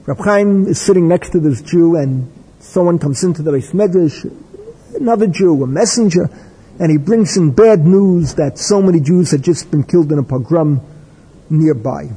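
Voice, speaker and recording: Husky older man lecturing in a hall. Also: a little high, moderate pace, warm tone. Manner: discursive, wry, with Hebrew and Yiddish terms. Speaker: religious teacher. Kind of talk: lecture with storytelling. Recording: echoey hall with long reverb.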